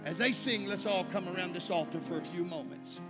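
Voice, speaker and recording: A man preaching a sermon in a church, building to shouted climaxes and calling people to the altar. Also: high voice, fairly quick. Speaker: pastor. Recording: music behind the voice. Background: music playing.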